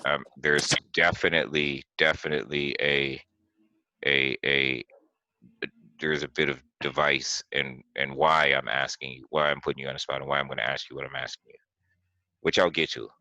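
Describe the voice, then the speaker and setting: A man with a very deep voice and a bright edge hosts a relaxed podcast conversation. He teases his guests and leads into his questions slowly and on purpose. The recording is dry, with no room sound. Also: no echo, highs cut off. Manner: teasing, playful, deliberate questioner. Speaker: podcast host. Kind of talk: casual podcast chat.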